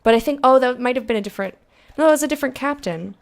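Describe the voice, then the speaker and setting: A young adult woman streaming a game, chatting excitedly with viewers, swearing, and slowly reading game text aloud. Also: high-pitched, creaky. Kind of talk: blind let's-play commentary, chatting with viewers.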